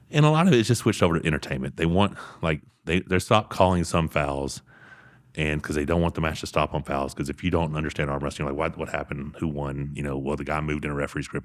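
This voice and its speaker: A man, telling animated stories as a podcast guest. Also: very deep voice, no room sound, clean studio sound. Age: 40s. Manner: fast animated storytelling. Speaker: podcast guest, arm wrestler. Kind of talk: casual interview storytelling.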